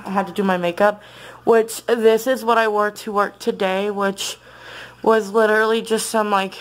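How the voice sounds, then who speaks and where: A woman chatting casually to her vlog audience at home, rambling with many fillers and restarts and gushing when excited. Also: medium pitch, rough recording. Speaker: vlogger. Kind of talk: casual vlog chat to camera.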